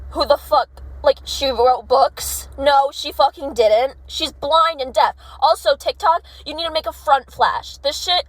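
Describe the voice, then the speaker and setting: A man voicing a furious young woman ranting online, shrill and profane. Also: unhurried, hardly any pauses, fairly bright tone, dry recording, low-quality recording. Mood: outraged. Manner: shrill, profane, escalating outrage.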